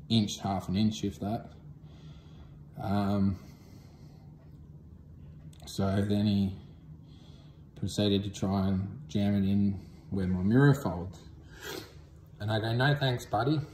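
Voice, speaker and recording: A man's voice: low voice, warm tone, echoey room, slight background noise. A man with an Australian accent casually recounting a story to the camera, laid-back and drawling, with frequent ums. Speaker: vlogger.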